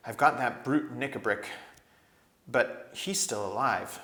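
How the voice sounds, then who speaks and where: A man's voice: mid-range voice, a little slow, bright, forceful tone, roomy sound. A man voicing a panting young boy, tired after a struggle, in a storybook read-aloud. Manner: breathless, panting.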